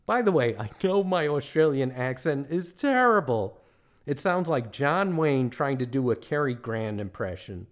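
A man's voice: mid-range voice, animated, measured pace. A middle-aged man from the United States, a podcast host telling comic travel stories with dry, self-mocking jokes. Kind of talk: comic storytelling narration.

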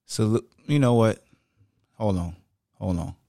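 A man's voice: fairly low pitch, unhurried, vocal fry, mellow, no echo. A man hosting his own sports podcast in a laid-back, slangy casual chat on a studio mic. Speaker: podcast host. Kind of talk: casual solo podcast talk.

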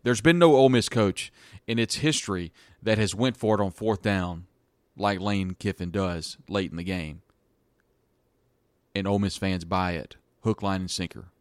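A man's voice: low voice, normal speed, clean tone, dry recording. A man hosting a sports podcast, talking through a college football game in a casual, rambling monologue with frequent restarts. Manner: conversational, frequent restarts and hedges.

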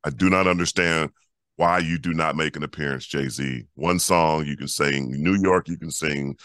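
A man in his fifties from Los Angeles, a co-host telling stories in a lively, repetitive way on a casual podcast. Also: very deep voice, moderate pace, no room sound, studio quality. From Los Angeles, USA. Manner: animated storyteller, repeats words when excited. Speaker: co-host, former pro basketball player.

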